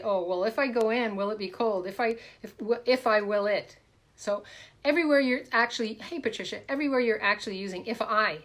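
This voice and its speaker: A woman hosting a live stream as a coach, talking casually and warmly greeting viewers by name with repeated welcomes. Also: mid-range voice. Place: home, in a room.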